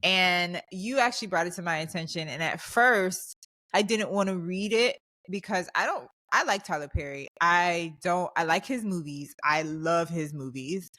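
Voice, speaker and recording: A woman's voice: on the low side, moderate pace, sharp tone. A young adult woman co-hosting a podcast, ranting in an emphatic, heated way in casual chat. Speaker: podcast co-host.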